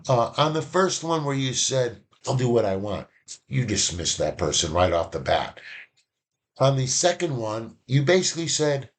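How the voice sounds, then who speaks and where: Man giving a lively casual lesson. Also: mid-range voice, moderate pace. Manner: lively, acts out little dialogues. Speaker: instructor.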